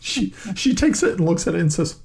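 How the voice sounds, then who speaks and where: A man running a tabletop game as dungeon master, narrating slowly with many pauses and fillers. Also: high voice, very animated, creaky, darkish tone, a little hiss or hum.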